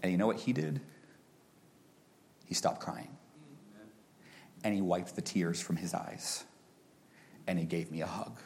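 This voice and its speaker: Man, pastor, low-pitched voice, preaching, climbs to loud high peaks, falls to a hush. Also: unhurried, pauses often, slight background noise. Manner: builds to loud, high-pitched peaks, then drops to a soft, hushed voice. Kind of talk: sermon.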